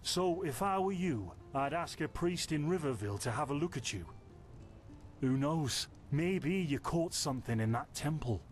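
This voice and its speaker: A man's voice: on the high side, animated, moderate pace, faint music behind, close to an everyday voice. An actor with a Yorkshire accent voicing a friendly, chatty scholarly male villager in a video game, explaining things patiently. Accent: Northern English, Yorkshire. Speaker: game character. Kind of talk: voiced video game dialogue.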